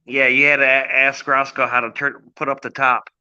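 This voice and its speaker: A man's voice: medium pitch, little pitch movement, brisk, pushed and bright, clear, resonant tone, highs cut off. A man giving teasing reaction commentary, stumbling and hesitant as he talks.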